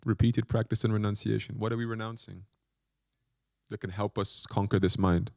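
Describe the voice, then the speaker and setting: In a lowish, creaky voice with little pitch movement, a monk lectures on spiritual matters at a moderate pace. The sound is dry and studio-clean; he sprinkles in playful, self-mocking asides and repeats short phrases to stress points.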